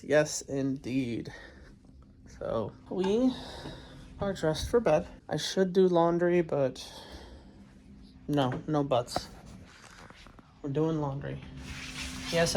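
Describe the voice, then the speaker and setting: A young woman casually chatting in a vlog at home, tired and unhurried, swearing now and then. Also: on the low side, noisy background. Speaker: vlogger, truck driver.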